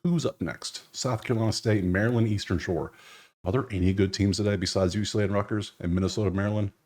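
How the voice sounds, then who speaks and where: Blunt low-voiced man picking bets. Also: fairly even intonation, fast, darkish tone. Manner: blunt, sarcastic, mutters while reading stats. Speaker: sports betting analyst. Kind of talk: casual betting breakdown.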